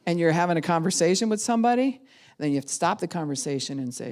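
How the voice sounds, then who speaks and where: A middle-aged woman pastor giving a sermon, animated and acting out the voices of the people she quotes. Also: lowish voice, fast talker, long pauses. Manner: animated, acts out quoted voices of kids and adults.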